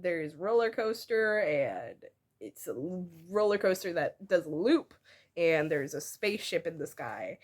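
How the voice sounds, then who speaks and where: A young adult woman reading aloud from a comic she drew as a child, giggling often and gently poking fun at herself. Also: fairly low pitch. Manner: giggly, breaks into laughter often; playfully self-mocking. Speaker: vlogger.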